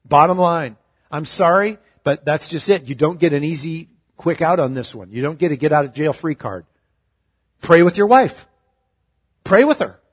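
A man preaching a sermon in a somewhat high voice. He talks in a casual, joking way, then drops soft or swells loud to drive a point home. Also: lively intonation, normal speed, husky. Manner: conversational, humorous preaching with sudden loud and soft turns. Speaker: pastor.

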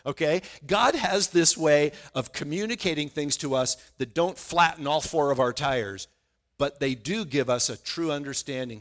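A middle-aged man delivers a sermon in a relaxed, conversational way. His voice sits a little high for a man. He often stumbles over and repeats his opening words before he settles into a thought. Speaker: pastor.

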